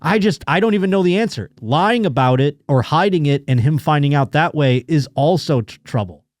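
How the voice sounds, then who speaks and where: A man's voice: fairly high pitch, lively intonation, fairly quick, dry recording, studio quality. A man hosting a comedy podcast, reading news stories aloud and riffing on them with crude, sarcastic jokes. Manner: crude, sarcastic riffing between read-out articles. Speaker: podcast host.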